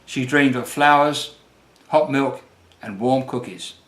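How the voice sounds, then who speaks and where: A man reading a children's fairy tale aloud as the storyteller, gentle and unhurried. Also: mid-range voice. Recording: roomy echo.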